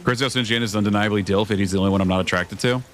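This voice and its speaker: A young man streams a video game and chats casually with his viewers, racing along in a fairly low, fairly bright voice with a steady tone. He swears often and rambles between thoughts in his gameplay commentary, and a little hiss or hum is audible.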